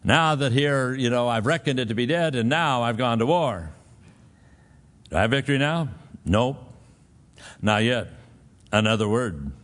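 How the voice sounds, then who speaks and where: A man's voice: mid-range voice, expressive, a little slow, pauses often, a bit bright. A male pastor preaching a sermon, telling a folksy personal story and then pressing his point with emphatic exhortation.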